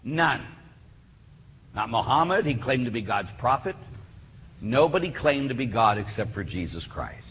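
Male preacher, lively and bright, insistent, hall reverb with faint hiss. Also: mid-range voice, a little slow, long pauses. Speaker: Catholic speaker. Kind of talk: sermon.

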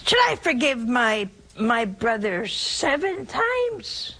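A woman's voice: fairly high pitch, sing-song, slow pace, fairly bright tone, full character voice. Woman voicing a proud eager apostle. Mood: boastful. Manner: proud, self-satisfied quips. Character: eager boastful male apostle.

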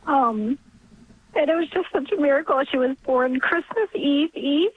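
Tearful high-voiced woman on a phone line. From New York. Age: 40s. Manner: tearful, halting, breaks into small laughs. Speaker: caller. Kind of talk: emotional call-in sharing.

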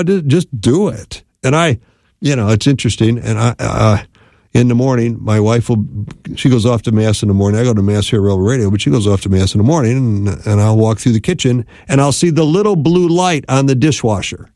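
A man's voice: medium pitch, brisk, warm tone, no echo, studio quality. A middle-aged man hosting a casual radio show, a marriage counselor who rambles in a folksy way and repeats words for emphasis. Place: radio studio.

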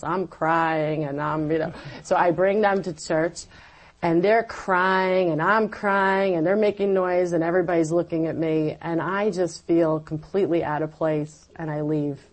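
A woman with a fairly low voice recounts her journey of faith as an interview guest. She tells it vividly, acting out her own past words in quotes. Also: rough recording. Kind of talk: personal faith testimony.

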